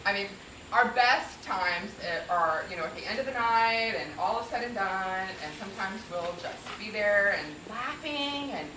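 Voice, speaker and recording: Woman, 30s, roast speech at a home party, lively pitch, recorded from afar in a roomy, noisy space. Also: moderate pace, recorded from a distance. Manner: laughing often, animated storytelling. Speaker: wife giving a birthday roast speech. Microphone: distant camera.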